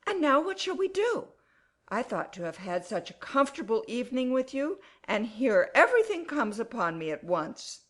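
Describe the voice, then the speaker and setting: A woman's voice: on the high side, very animated, moderate pace. An actress playing an anxious, fussing middle-aged mother in an audiobook dramatization. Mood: fretful.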